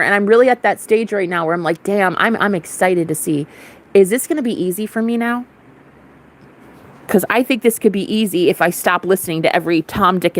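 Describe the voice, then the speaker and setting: A young woman vlogger ranting to camera in a casual spiritual monologue, blunt, defiant and full of swearing. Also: medium pitch.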